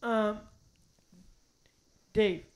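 A man co-hosting a podcast, joking around and a little halting as he tees up a question. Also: high voice, fairly even intonation. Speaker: podcast co-host. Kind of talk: casual podcast chat.

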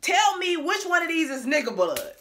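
A woman's voice: very high-pitched, sing-song, normal speed, bright, forceful tone. A woman vlogger delivering a blunt, profane rant to camera, talking in an emphatic way and laughing between her points.

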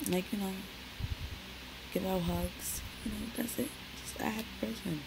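A woman's voice: mid-range voice, steady tone, moderate pace, vocal fry, darkish tone, husky, rough recording. A young woman, chatting casually to her viewers and peppering her talk with "like" and "y'all". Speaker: vlogger. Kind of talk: casual chat to camera.

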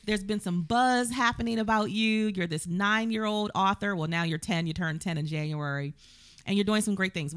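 Woman host, 30s, upbeat and playful, quick to laugh; dry close-miked sound. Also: mid-range voice, a bit bright, no echo. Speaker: talk show host. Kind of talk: casual interview chat.

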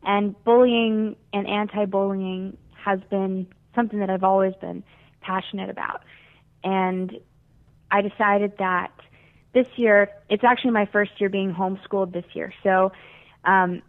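Teen girl guest from South Florida, calling in, earnest and chatty, phone-line sound. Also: medium pitch. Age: teens. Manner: earnest, chatty with many fillers. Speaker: guest singer. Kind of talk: phone interview.

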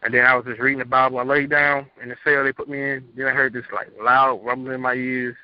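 A man's voice: mid-range voice, flat delivery, quick pace, no echo. A young man calling in to a show, earnestly telling his story in a plain, rambling way over a phone line. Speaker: caller. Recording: muffled phone-line audio.

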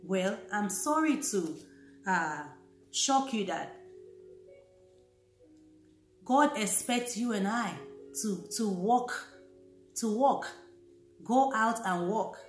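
A woman's voice: medium pitch, animated, takes it slowly, echoey room, faint music behind. A woman talking casually and earnestly to fellow Christians, repeating her key points as she warns them. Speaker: Christian vlogger. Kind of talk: casual talk to camera.

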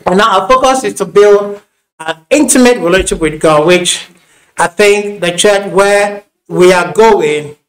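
A man's voice: high voice, measured pace, rough recording. A man with a Ghanaian accent preaching a sermon in a church, telling homely stories with frequent restarts and laughing asides. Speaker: pastor.

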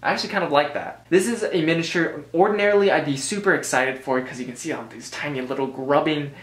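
A man's voice: on the high side, quick pace, a bit bright. An American man giving a casual review commentary, rambling with joking asides and frequent self-corrections. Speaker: board game reviewer. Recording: roomy echo.

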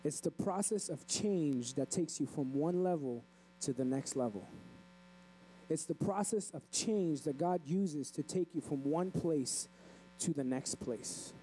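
Casting: male pastor, high but mellow voice, chatty preaching with restarts. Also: a little slow, slight background noise, rough recording. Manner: conversational, repeats and restarts words. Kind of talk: sermon. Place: church.

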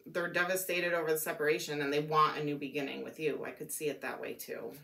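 Woman tarot reader, slightly hoarse. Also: deep voice, fairly even intonation, quick pace, background noise. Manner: musing, thinking aloud with fillers. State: losing her voice. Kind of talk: tarot card reading.

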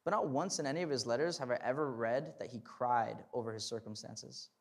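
A man's voice: medium pitch, brisk, gravelly. A young man preaching a sermon in a conversational way, with repeated words and tag questions, building to fervent emphasis. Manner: repeats words and restarts, uses "like" and "right?".

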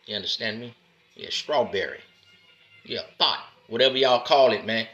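A man lectures his listeners in a bright, forceful voice, calling them "man" and "brother" over and over. His delivery is emphatic, with loud punchy lines that drop into low, slow asides. It sounds like a street-style motivational talk aimed straight at the camera. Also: lo-fi sound, faint music behind. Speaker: motivational speaker addressing men. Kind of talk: preachy direct-to-camera monologue.

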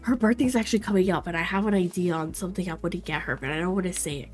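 A woman's voice: lowish voice, very fast, hardly any pauses, darkish tone, faint music behind. A woman in her twenties chatting casually and bubbly with viewers while streaming a game, laughing often. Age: 20s. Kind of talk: casual livestream chat while playing.

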